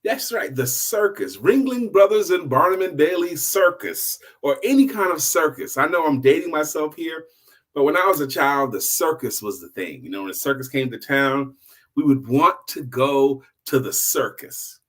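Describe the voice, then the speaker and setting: Older man, storyteller, lively sweeping pitch, higher voice, playful. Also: normal speed. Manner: animated, playful, shouts exclamations. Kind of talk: children's storytelling.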